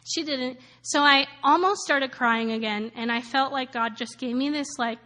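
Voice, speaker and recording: A woman in her thirties telling a personal faith story in a casual, animated way, with fillers and laughter. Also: high voice, normal speed. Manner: animated, many fillers and laughs, acts out quoted voices. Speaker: speaker sharing a personal testimony.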